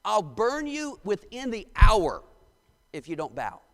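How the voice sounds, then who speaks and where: A man's voice: sits high, huge pitch swings, takes it slowly, voice pushed up, full character voice. A man voicing a boastful, angry ancient king who threatens his listeners, in a reverberant church. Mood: threatening.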